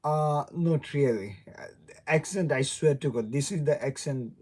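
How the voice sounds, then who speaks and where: A man's voice: fairly high pitch, a little slow, darkish tone. A young man with a non-native English accent, hosting a rambling, casual livestream chat, laughing often and greeting viewers. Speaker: livestream host. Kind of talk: casual live stream chat.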